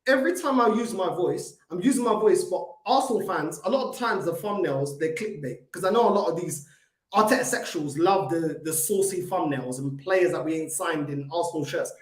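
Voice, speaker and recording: A man's voice: high voice, a little fast. Fired-up London man ranting, echoey room. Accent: London English. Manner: confrontational, swearing, repeats himself. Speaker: fan channel host. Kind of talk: heated live-stream rant.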